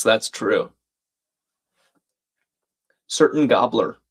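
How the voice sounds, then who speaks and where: A man's voice: medium pitch, animated, normal speed. Man casually solving a crossword live. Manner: reads out chat messages and thinks aloud, laughing often. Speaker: host of a live crossword stream. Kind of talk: casual live-stream commentary.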